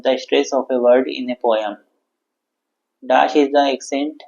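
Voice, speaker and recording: A man, a teacher reading exam questions and answers aloud, halting and correcting himself along the way. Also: mid-range voice, darkish tone. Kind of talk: exam quiz walkthrough. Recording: dull lo-fi sound.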